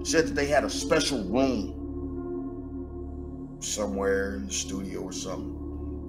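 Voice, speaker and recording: A man hosts a conspiracy podcast in a loose, colloquial voice that sits at an ordinary middle pitch. He is emphatic and keeps firing questions and exclamations at himself. Faint music plays quietly behind him. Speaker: podcast host. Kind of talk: animated conspiracy commentary.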